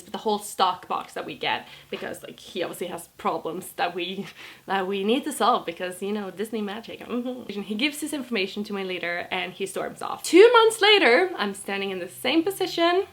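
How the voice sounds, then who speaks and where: A woman in her twenties with a Norwegian accent, telling a story to camera in a chatty, animated way with lots of "like"s. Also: mid-range voice. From Norway. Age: 20s. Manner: chatty, animated, laughs often, many "like"s. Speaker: vlogger.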